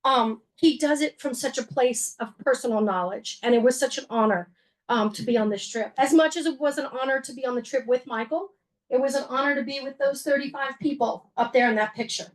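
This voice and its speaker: A woman's voice: sits high, a little fast. A woman giving a slideshow talk to an audience, conversational and earnest, with wry humor and frequent fillers and self-corrections. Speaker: museum executive director giving a talk.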